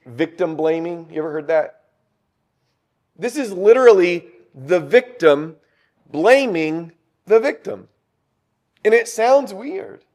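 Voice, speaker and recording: Male preacher, high-pitched, lively sermon delivery, asks the room questions. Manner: animated, rhetorical questions to the congregation.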